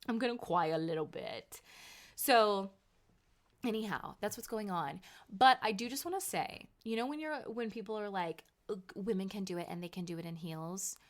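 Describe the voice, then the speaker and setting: A woman's voice: mid-range voice, expressive, moderate pace. A woman in her thirties hosting a casual solo podcast, chatty and emphatic, sounding sleepy and tired. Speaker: podcast host and author.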